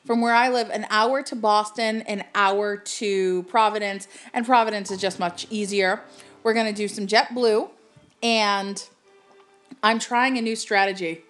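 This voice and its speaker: A woman from Cape Cod co-hosting a casual podcast, chatty and laughing often with quick asides. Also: medium pitch, fairly even intonation, a bit bright, faint music behind. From Cape Cod, Massachusetts. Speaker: podcast co-host.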